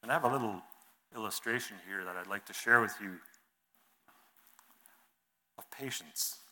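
A man giving a sermon in an earnest, measured way, reading scripture and telling an illustration, his phrases trailing off softly. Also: fairly low pitch. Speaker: preacher.

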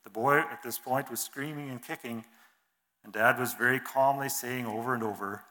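A man giving a sermon in an earnest, measured way, reading scripture and telling an illustration, his phrases trailing off softly. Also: mid-range voice, fairly even intonation. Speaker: preacher.

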